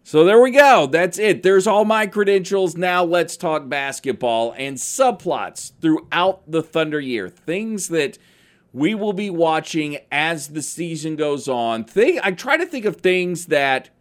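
A man's voice: on the high side, lively intonation, a little slow. Male sports podcast host, loose and rambling, whose tone can come off stern. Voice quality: can sound serious, almost angry. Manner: chatty, rambling, self-deprecating. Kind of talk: casual sports podcast talk. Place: radio station studio.

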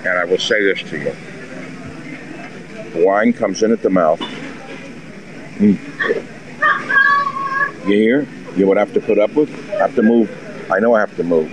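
A man's voice: lowish voice, a little slow, pauses often. A man in a restaurant delivering a scornful, combative monologue. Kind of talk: ranting monologue. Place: busy restaurant, indoors. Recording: noisy restaurant crowd chatter. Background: restaurant crowd chatter.

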